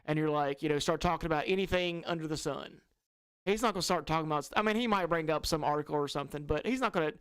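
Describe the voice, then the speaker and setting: Man, casual chat, halting, stumbling restarts, slightly high voice, dry sound. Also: fairly bright tone, clear, resonant tone, dry recording. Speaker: podcast co-host.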